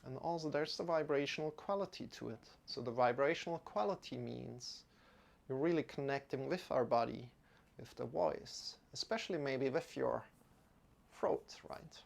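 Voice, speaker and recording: A man guiding a yoga class, giving gentle and unhurried instructions with soft asides. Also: mid-range voice, vocal fry. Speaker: yoga teacher.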